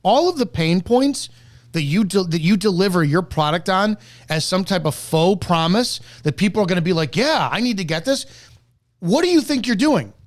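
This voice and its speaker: Combative male commentator, profane and blunt, voice sitting a bit high. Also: sing-song, moderate pace. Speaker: network marketing commentator. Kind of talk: reaction commentary.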